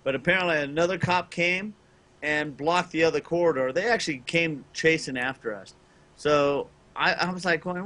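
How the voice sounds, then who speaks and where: A man from Los Angeles spins a long, rambling story in casual podcast chat, a little higher-pitched than most men. His voice is bright and forward, and he jumps into loud, shouted quotes when he plays other people. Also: normal speed. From Los Angeles, California. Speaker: podcast co-host.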